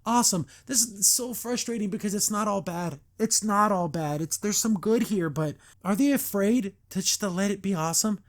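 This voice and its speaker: A man's voice: high voice, normal speed, hardly any pauses. A man hosting a podcast, reviewing a cartoon episode in a sarcastic, exasperated way and acting out the characters' lines.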